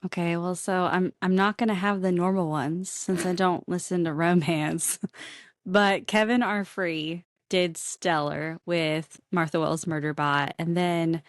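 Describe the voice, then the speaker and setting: A woman's voice: fairly low pitch, fairly even intonation, a little slow, no echo, studio quality. A woman who runs a bookstore, chatting on a podcast as a guest and laughing often. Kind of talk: casual podcast chat.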